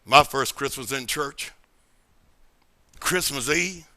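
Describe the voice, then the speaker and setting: A middle-aged man pastor preaching a sermon in a church service, emphatic and repetitive, swinging between sudden shouts and quiet asides. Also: mid-range voice, takes it slowly. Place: church sanctuary during a service.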